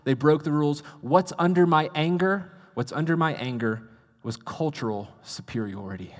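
A man's voice: mid-range voice, moderate pace. A man preaching a sermon in a conversational way, asking the audience rhetorical questions and mocking himself in asides. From United States. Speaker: pastor. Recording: long reverb of a large hall.

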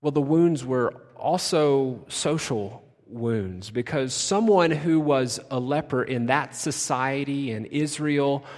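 A male pastor preaching a sermon, slow and dramatic, dropping to a hush and then shouting out. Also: mid-range voice. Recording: long reverb of a large hall.

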